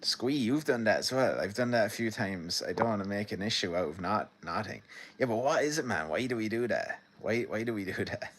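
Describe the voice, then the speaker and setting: A man's voice: on the low side, lively intonation, fairly quick, fairly bright tone, a little hiss or hum. An Irish man hosting a livestream, chatting casually with viewers, rambling, swearing and laughing as he reads their comments. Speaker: livestream host.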